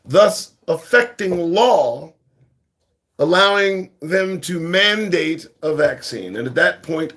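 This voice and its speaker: A man's voice: fairly high pitch, expressive, slow, a bit bright. A man hosting his own talk show, ranting bluntly and profanely at his listeners and urging them to pay attention. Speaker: host.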